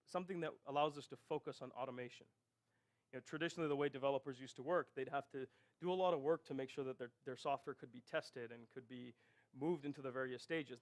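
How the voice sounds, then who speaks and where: A man giving a technical conference presentation, explaining step by step and often checking in with the audience. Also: mid-range voice. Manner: explanatory, rhetorical "right?" checks. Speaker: conference speaker.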